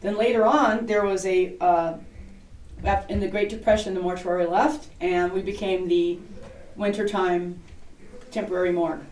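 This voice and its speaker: A woman's voice: medium pitch, steady tone, moderate pace, a little mellow, a little hiss or hum. Chatty woman tour guide in echoey rooms. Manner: chatty, jokey storyteller. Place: inside an old historic building. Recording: roomy, distant camera mic.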